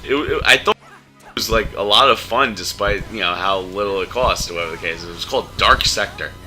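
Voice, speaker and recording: Gaming host, male, lower pitched, very bright tone, chatty and excitable over game music. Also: a little fast, poor audio. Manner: excitable, reacts loudly to the game; filler-heavy, restarts often. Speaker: gaming YouTuber playing through a game. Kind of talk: casual gameplay commentary chat.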